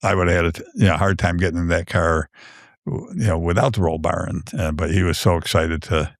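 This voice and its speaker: A man with a very low, deep voice tells meandering stories as a podcast guest. He restarts often and fills the gaps with "uh" and "you know". The studio sound is dry and close. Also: brisk, gravelly, no echo. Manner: rambling storyteller, many restarts and fillers. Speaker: author guest. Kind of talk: casual podcast chat.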